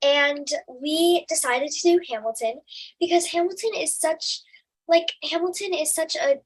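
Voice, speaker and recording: A woman's voice: high-pitched, a little slow. A woman casually introducing her performance, with lots of likes and restarts. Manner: casual, filler-heavy talk. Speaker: student performer. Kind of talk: introducing a comedy piece.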